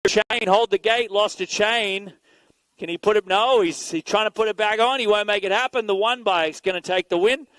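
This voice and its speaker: Man, race announcer, rapid play-by-play, high voice, dry close sound. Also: no room sound. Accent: Canadian. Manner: rapid, energetic play-by-play calling riders and bike numbers. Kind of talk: live BMX race commentary. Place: outdoor BMX track.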